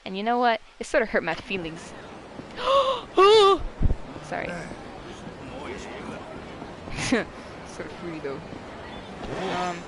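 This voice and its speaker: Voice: expressive, a little slow, long pauses, noisy background. Rambling, dramatic storytime vlogger. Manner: rambling, dramatic, self-mocking, with sudden high-pitched shrieks. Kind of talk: casual storytime.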